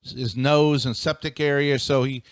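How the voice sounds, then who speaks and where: A man co-hosting a talk show, answering the host in a measured way with fillers. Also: mid-range voice, steady tone, smooth, dry recording. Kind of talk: casual talk show banter.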